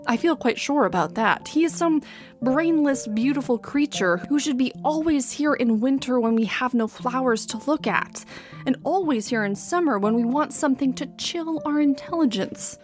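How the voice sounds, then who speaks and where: Woman doing a drawling witty Victorian gentleman. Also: high voice, expressive, moderate pace, soft background music. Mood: amused, mocking. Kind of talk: dramatic reading.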